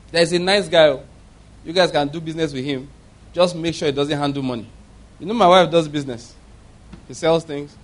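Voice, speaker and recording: A middle-aged pastor delivering a fervent sermon. His voice sits high for a man, and he drives his points home with rhetorical questions and bursts of laughter.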